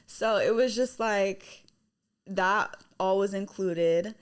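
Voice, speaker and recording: A woman's voice: mid-range voice, takes it slowly, clear, resonant tone. A woman in her twenties, a guest on a casual podcast, talking chattily with lots of fillers and giggles. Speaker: guest, singer and model.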